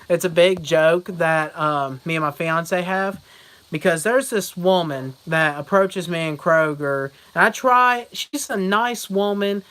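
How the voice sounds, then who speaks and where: A young man telling rambling stories in a casual vlog, laughing often and slipping into loud mocking voices. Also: sits high, takes it slowly, low-quality recording. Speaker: vlogger.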